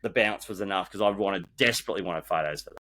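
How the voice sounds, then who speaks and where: A man telling stories as a guest in a casual chat, lively and full of restarts. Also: deep voice, quick pace, slight background noise. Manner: animated storyteller with frequent restarts. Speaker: guest, former reality-show builder.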